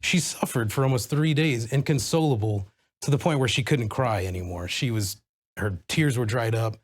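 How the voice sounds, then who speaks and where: A man's voice: medium pitch, normal speed, a little hiss or hum. A man appears as a guest and tells his own account earnestly. He halts often and leans on fillers, speaking in an ordinary mid-range voice. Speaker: guest parent. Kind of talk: personal account in a talk show.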